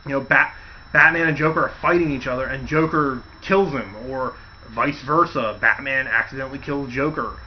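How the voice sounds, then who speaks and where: A man's voice: on the high side, highs cut off. A man hosting a casual podcast, rambling through stories and acting out quotes along the way. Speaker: podcast host. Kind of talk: casual chat.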